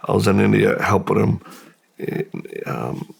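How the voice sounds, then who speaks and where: A man from the United States, a guest in an interview, slowly and reflectively telling his life story with pauses and restarts. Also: fairly low pitch, animated, creaky, husky.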